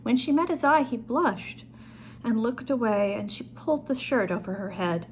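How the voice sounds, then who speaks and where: Woman author, reading her story aloud, calm storytelling, fairly high voice, faint hiss behind. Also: moderate pace.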